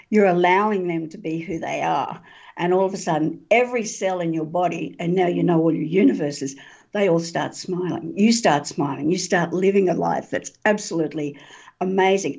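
Breathy woman author, lo-fi sound. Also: lowish voice. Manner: animated storyteller, laughs often, frequent ums. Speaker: author and guest. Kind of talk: interview talk. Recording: dull lo-fi sound.

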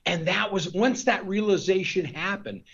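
A man's voice: sits high, normal speed, a bit bright, husky. A man speaks in a somewhat raised register, stumbling through repeated words as he works out his ideas. The recording is lo-fi and muffled, which dulls his voice. He sounds like an interview guest. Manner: rambling, with frequent restarts and repeated words. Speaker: guest author. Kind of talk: discursive interview talk.

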